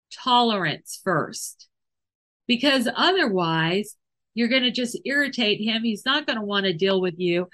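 A woman hosting a podcast about animal training talks slowly and carefully through her points. Her voice has a bright, clear edge, and she explains her ideas with examples, sometimes restarting a phrase. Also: a little high. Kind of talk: casual explanatory podcast talk.

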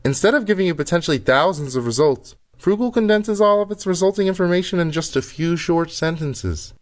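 A man hosting and giving an earnest, deadpan parody product pitch. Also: brisk. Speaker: host.

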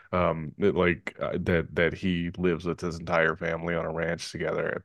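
A man's voice: low voice, no echo, studio quality. A man co-hosting a podcast, talking earnestly and reflectively about a film, with many fillers and restarts. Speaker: podcast co-host. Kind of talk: casual film review chat.

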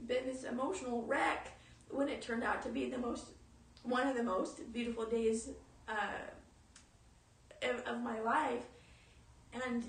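A woman's voice: a little high, gravelly, a bit bright. Earnest woman preaching in an echoey room. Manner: earnest, storytelling, with restarts. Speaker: speaker in a teaching talk. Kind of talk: informal sermon. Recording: echoey room, mic at a distance.

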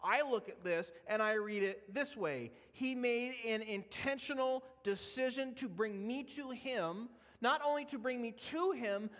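A man's voice: very high-pitched, fairly bright tone. A young man preaching a sermon and telling his own story earnestly, now and then laughing at himself. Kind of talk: sermon with personal testimony. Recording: long reverb of a large hall.

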